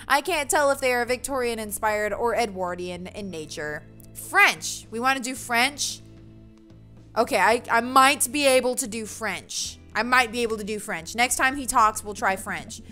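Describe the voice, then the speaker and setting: Playful woman streamer, reads out a game, crisp bright voice a bit high, soft music behind. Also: expressive, moderate pace. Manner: playful, reads every character in funny voices. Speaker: streamer playing a dating game. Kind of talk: reading game dialogue aloud with commentary.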